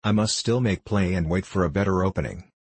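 A man narrating an audiobook in a measured, wry storytelling manner. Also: deep voice, breathy edge, no room sound.

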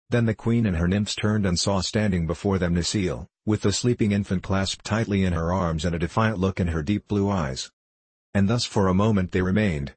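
A man narrating a storybook in a measured, calm reading. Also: sits low, breathy edge, dry recording. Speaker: audiobook narrator.

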